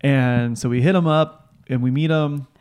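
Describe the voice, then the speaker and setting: A man's voice: mid-range voice, normal speed, clean tone. Man rambling through a story. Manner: rambling, animated retelling with voiced quotes. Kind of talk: casual storytelling chat.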